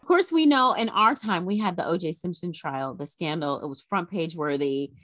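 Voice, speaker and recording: A woman co-hosting a podcast, telling an old scandal story in a casual, animated way. Her voice sits a little low. The sound is dry and close, with no room echo. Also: moderate pace. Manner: animated retelling of a scandal, chatty asides. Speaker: podcast co-host.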